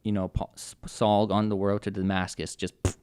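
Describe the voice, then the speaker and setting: A young man telling his personal testimony as a podcast guest, earnest and halting, with many restarts and fillers. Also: lowish voice, level tone, darkish tone, slight background noise.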